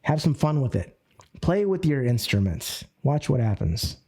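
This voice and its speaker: A man leading a live group coaching session, energetic and animated, acting out phone calls and shifting his speed and tone as he teaches. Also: mid-range voice, measured pace. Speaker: network marketing coach.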